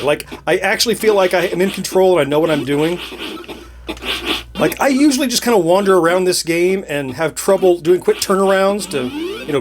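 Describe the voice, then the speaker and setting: Chatty middle-aged man playing retro games. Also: high-pitched. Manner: chatty, laughs often, thinks aloud while playing. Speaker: retro gaming video host. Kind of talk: casual gameplay commentary.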